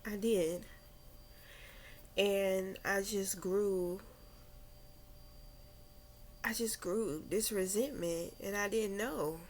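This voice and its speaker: A young adult woman vlogging candidly about her spiritual struggles, talking in a slow, meandering way with many fillers and restarts, and audibly emotional. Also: mid-range voice, darkish tone, slight background noise. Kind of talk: candid personal reflection.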